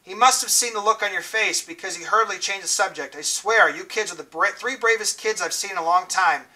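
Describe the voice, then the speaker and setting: A man reading as a calm kindly teacher. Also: high voice, brisk, far from the mic, rough recording. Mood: gentle. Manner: soft, reassuring.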